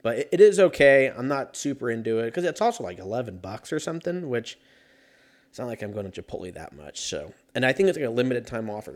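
A man's voice: mid-range voice, sing-song, quick pace. A man talking casually on his own, rambling and joking with plenty of swearing. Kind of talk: casual solo chat.

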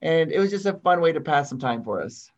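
A man's voice: a little high, fairly quick, dull audio. A man chatting casually as a podcast guest, telling stories with animation. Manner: animated storytelling. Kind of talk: casual chat.

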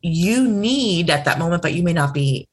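A woman's voice: on the low side, lively intonation, moderate pace, slightly rough. A woman working as a psychic medium, telling stories in a chatty interview and acting out the exchanges she quotes. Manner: chatty, many fillers and restarts, acts out quoted exchanges. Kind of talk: conversational storytelling interview.

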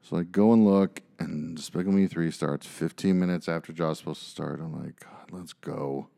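A man in his thirties, a podcast co-host, telling a story in casual chat, ranting and swearing with animated energy. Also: sits low, a little fast, vocal fry.

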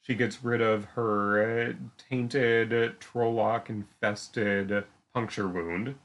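Slow chatty podcast guy, kinda low voice, lots of ums. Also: steady tone, a bit bright. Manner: hesitant, many fillers and restarts, laughs easily. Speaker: podcast co-host. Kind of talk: casual chat recapping a TV episode.

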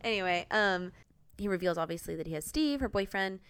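A young woman from Georgia co-hosting a casual podcast chat, her pitch swooping all over as she acts out characters' lines. She talks fast and laughs often. The recording is dry and close-miked. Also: expressive, fairly bright tone, smooth, no echo. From Georgia, USA. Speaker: podcast co-host. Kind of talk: casual chat recapping a film.

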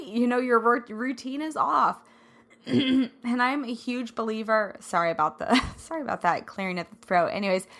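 Woman host, Midwest-raised, solo podcast chatter; bubbly, laughs a lot, slightly scratchy hoarse throat, bright sharp tone. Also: mid-range voice. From American Midwest. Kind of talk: casual solo podcast chat.

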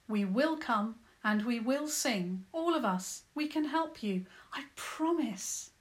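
A woman voicing a kind young girl who speaks gently and reassuringly in a children's story. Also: fairly high pitch, animated, slow.

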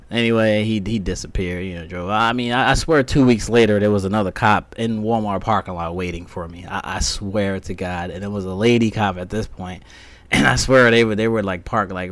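A man's voice: lowish voice, no room sound. A man telling a story from his own life in a loose, profane monologue, acting out both sides of each exchange. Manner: profane, animated, acts out both sides of the talk. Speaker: podcast host.

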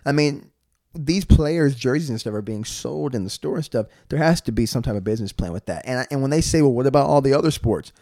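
A young man talking as a podcast guest, animated and storytelling, with lots of "you know". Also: mid-range voice, a little fast, dry recording, studio quality. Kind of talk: casual chat.

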